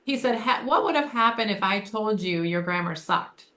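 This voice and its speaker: A woman's voice: medium pitch, lively intonation, moderate pace, fairly bright tone. A woman from Michigan co-hosting a podcast, telling a personal story in earnest and acting out the lines of the people in it. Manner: earnest, acts out quoted dialogue. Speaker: co-host. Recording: roomy echo.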